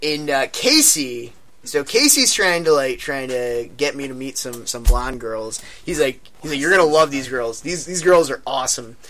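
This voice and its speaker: A young man tells his friends about a wild night out in a mid-range voice at a moderate pace. Animated and swearing, he laughs a lot and acts out people's quotes.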